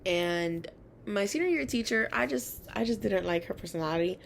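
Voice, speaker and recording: Against slight background noise, a young woman in college recounts her own school experiences in a casual, storytelling way. Her mid-range voice is creaky and moves at a normal speed, with many fillers and lively quoting of other people.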